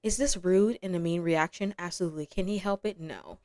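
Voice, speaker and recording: A young woman giving casual, playful commentary on her own game, chatty and quick to laugh. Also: lowish voice, mellow, dry recording, studio quality. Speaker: gaming vlogger.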